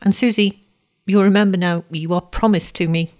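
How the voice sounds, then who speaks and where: Shy young working man as a woman reads him, gentle, plain, storybook. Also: mid-range voice, fairly even intonation, normal speed, close to an everyday voice.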